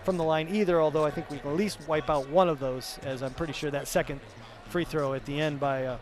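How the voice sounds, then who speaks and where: A man's voice: on the high side, fairly even intonation, fast talker. A male sports announcer giving a postgame wrap-up, rattling off player stats in a chatty, self-correcting way. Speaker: play-by-play announcer.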